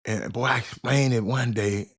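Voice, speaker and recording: A man's voice: medium pitch, steady tone, moderate pace. A man hosting a casual sports call-in show, loose and rambling, repeating words and talking to listeners as y'all.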